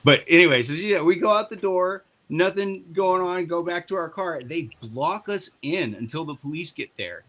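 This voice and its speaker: Bright-voiced, profane storyteller man. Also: on the high side, normal speed, few pauses. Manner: profane, animated, sarcastic. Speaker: party board member and guest. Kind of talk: casual podcast storytelling.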